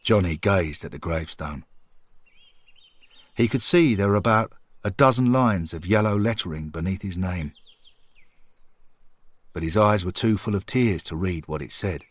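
A man narrating a scripted story in a calm, measured, earnest way. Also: deep voice, dry recording. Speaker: podcast storyteller.

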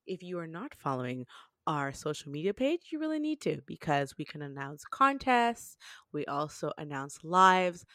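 A woman's voice: fairly low pitch, pushed and bright, dry recording, clean studio sound. A woman hosting a podcast in a casual, upbeat way, often restarting her sentences. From Canada. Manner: upbeat and chatty, with frequent restarts. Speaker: podcast host.

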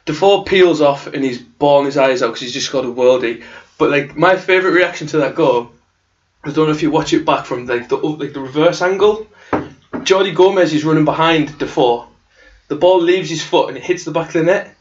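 A man hosting a football podcast, talking through plays in an excitable way. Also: a little high. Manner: excitable, quick breakdowns of plays. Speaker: podcast founder and host. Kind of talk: casual chat. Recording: dull with faint hiss.

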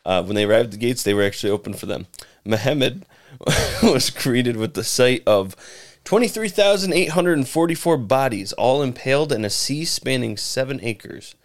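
A man's voice: medium pitch, expressive, moderate pace. A man co-hosting a casual podcast, reading history notes aloud, laughing often and stumbling over names. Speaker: podcast co-host.

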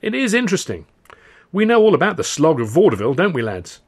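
A man's voice: fairly high pitch, big pitch swings, fast talker, a little mellow, voice pushed up. A man playing a breezy, self-assured young comedian who talks in an airy, flamboyant, declamatory way. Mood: theatrical.

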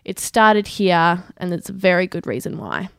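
A woman's voice: fairly low pitch, big pitch swings, moderate pace, gravelly, a bit bright, smooth, no room sound. A woman, co-hosting a podcast and delivering a prepared review in a dry, sardonic manner, swearing freely. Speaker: podcast co-host. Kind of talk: prepared review read aloud.

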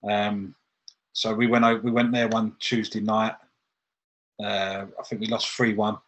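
A man's voice: lowish voice, little pitch movement, unhurried, fairly bright tone, muffled recording. A man, a football manager guest in casual chat, telling stories animatedly and laughing often.

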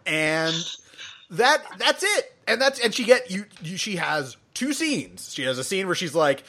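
A man hosting a podcast in casual chat, animated and acting out characters' lines. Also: high voice, a little slow. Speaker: podcast host.

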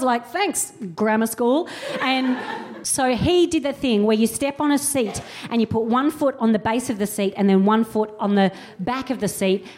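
Woman comedian, about 40, slightly high voice, animated live storytelling, dry self-mockery. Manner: animated, acts out quotes in mock voices; wry, self-mocking. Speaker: comedian and co-host. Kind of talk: comic storytelling before a live audience.

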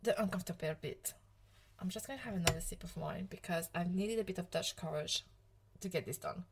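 A woman's voice: fairly low pitch, brisk, background noise. A woman in her thirties speaks with a French accent, talking straight to her listeners on her own podcast. She is chatty and self-deprecating and laughs a lot as she goes. She comes across as an easygoing coach sharing her own story. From France, Provence. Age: 30s. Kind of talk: casual solo podcast talk.

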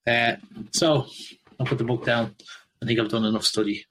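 A man's voice: medium pitch, fairly even intonation, moderate pace, fairly bright tone, slight background noise, rough recording. A man telling jokes on a podcast, laughing at his own punchlines. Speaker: podcast co-host. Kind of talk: casual joke telling.

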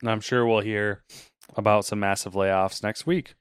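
A laid-back man with a lowish voice co-hosts a casual podcast. He chimes in with short, easy replies. The recording is dry and close. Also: steady tone, moderate pace, clear, resonant tone, no echo. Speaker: podcast co-host. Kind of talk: casual news chat.

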